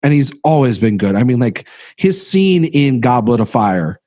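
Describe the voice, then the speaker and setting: A man in a casual film-discussion podcast, talking haltingly with many restarts and trailing off quietly. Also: medium pitch, very animated, no room sound.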